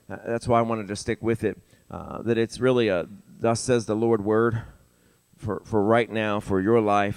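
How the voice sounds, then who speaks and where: An older man preaching a sermon in church, growing loud and animated as he builds to emphasis. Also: clean tone, dry recording. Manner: animated, rising in pitch and volume for emphasis. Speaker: pastor. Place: church sanctuary.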